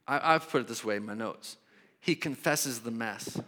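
A man preaching a sermon in an animated way, shifting from loud bursts to quiet asides. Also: medium pitch, a little slow. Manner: animated, acts out voices, swings from loud to soft. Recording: long hall reverb.

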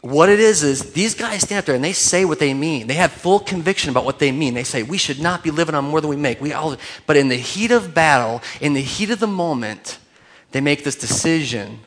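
A man's voice: medium pitch, expressive, normal speed, a bit bright. A man preaching a sermon as pastor, conversational and joking, building to emphatic points.

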